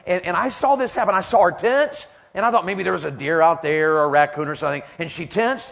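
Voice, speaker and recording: A man's voice: fairly high pitch, fast, vocal fry, hardly any pauses, a bit bright. A middle-aged man preaching a sermon, folksy and repetitive, calling out questions to the crowd. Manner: folksy, repeats lines, calls out to the audience. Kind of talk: sermon with stories.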